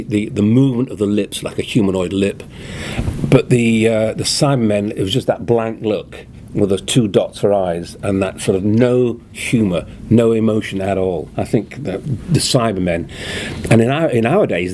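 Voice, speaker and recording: Older actor, animated storyteller. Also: male voice, fairly low pitch, slight background noise. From England. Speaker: guest actor. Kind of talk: convention interview.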